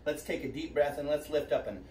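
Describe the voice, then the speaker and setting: A man's voice: fairly high pitch, a little fast, a little mellow, echoey room, far from the mic, a little hiss or hum. Cheerful man teaching kids music. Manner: upbeat, encouraging, sing-song to children. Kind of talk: virtual kids' music class. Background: guitar and tambourine.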